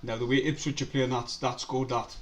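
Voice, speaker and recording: A man's voice: medium pitch, level tone, brisk. A man, co-hosting a fan live stream, chatting and calling the match, laughing often. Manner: laughs often, says "aye" and "like". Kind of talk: casual football chat and match commentary.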